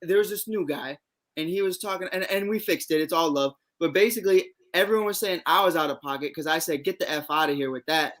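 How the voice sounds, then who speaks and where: A man's voice: fairly high pitch, fast talker, fairly bright tone. A man co-hosting a casual sports talk show, laid-back and joking. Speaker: co-host.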